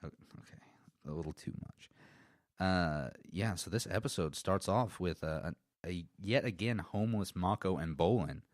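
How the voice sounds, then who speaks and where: Low-voiced man co-hosting a podcast. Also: moderate pace, no echo, studio quality. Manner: wry, trivia-reading, joking. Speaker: podcast co-host. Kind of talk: casual chat about a cartoon series.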